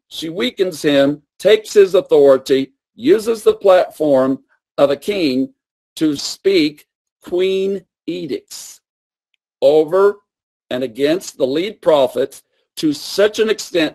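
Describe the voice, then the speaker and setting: A man's voice: on the high side, a little mellow. A man preaching a sermon and teaching with emphatic, repeated phrases.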